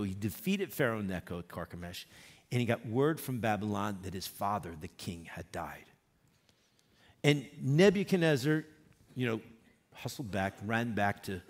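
A man's voice: medium pitch, husky. A man preaching a sermon, reading scripture aloud and retelling it with emphatic repetition. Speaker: pastor.

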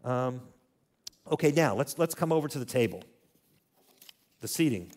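A man's voice: mid-range voice, lively intonation, normal speed, darkish tone. A man teaching a church audience in a conversational way, asking them to repeat words after him. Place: church hall.

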